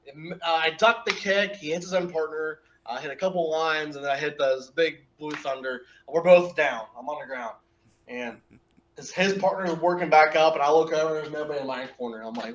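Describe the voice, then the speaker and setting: A man tells a story in loose, casual chat, laughing as he goes and acting out what people said. His voice sits a little high. The recording is dull and lo-fi. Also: normal speed, a little hiss or hum. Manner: animated anecdote with laughs and acted-out quotes. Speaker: guest wrestler.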